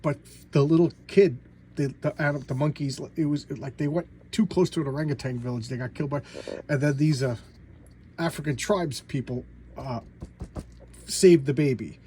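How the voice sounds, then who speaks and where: A man casually retelling comic book stories in an animated way, slipping into voices for the characters. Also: fairly high pitch, moderate pace, a little hiss or hum.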